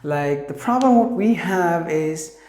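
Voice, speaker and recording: A woman's voice: on the low side, lively intonation, slow pace, warm tone, echoey room. A woman teaching pronunciation, repeating words and explaining patiently with fillers. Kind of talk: pronunciation lesson.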